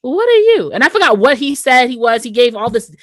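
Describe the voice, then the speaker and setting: A woman's voice: fairly high pitch, fast talker, no room sound, studio quality. A woman chatting on a podcast, telling stories animatedly and acting out what other people said. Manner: animated storyteller who acts out what others said. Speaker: podcast guest or host. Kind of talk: casual podcast chat. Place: Massachusetts.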